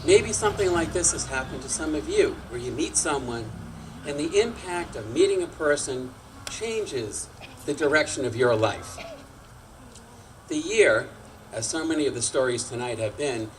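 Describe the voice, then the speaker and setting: Older male storyteller, sixties, wry and chatty, slightly high voice, faint hiss behind. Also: expressive, moderate pace, rough recording. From Massachusetts. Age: 60s. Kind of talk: personal storytelling on stage. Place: community storytelling night before an audience.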